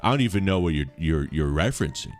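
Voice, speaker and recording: Young male streamer, low-pitched and lively, rambling slangy chat over faint background music. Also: fast talker. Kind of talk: casual live-stream chat.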